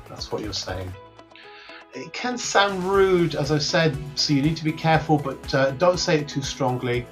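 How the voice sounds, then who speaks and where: A man teaches workplace English, explaining each phrase in a clear, patient way and saying the examples over slowly. His voice sits at an ordinary middle pitch. Soft music plays faintly under the lesson.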